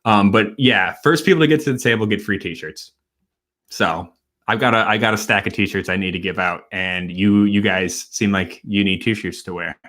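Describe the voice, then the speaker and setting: A man from Wisconsin hosting a casual late-night livestream, a bit tipsy, rambling and halting as he talks. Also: fairly low pitch, bright, forceful tone. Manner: rambling, halting, with many fillers and restarts. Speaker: host.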